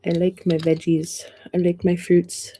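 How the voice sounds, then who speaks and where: Middle-aged woman with a Boston accent, a live-stream host, low and dark-toned, chatty and quick to laugh. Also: completely flat delivery, a little hiss or hum. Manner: chatty, greets viewers and laughs often. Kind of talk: casual live-stream chat.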